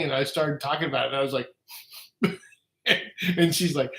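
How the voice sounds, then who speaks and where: A man's voice: mid-range voice, moderate pace, long pauses, bright, forceful tone. A man chatting casually on a livestream as a guest, profane, rambling and joking as he reads comments. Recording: echoey room.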